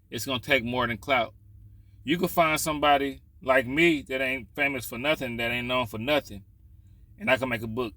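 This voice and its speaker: Bright-voiced man ranting to camera. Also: a little high, no echo, poor audio. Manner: animated, streetwise slang, frequent "you know what I'm saying". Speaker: reaction vlogger. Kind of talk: casual opinion rant to camera.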